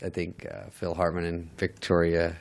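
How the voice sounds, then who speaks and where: A man's voice: sits low, completely flat delivery, normal speed, vocal fry, a little mellow. A middle-aged man, a guest comedian, telling stories casually in a dry, wry, self-deprecating way. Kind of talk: casual storytelling with acted quotes.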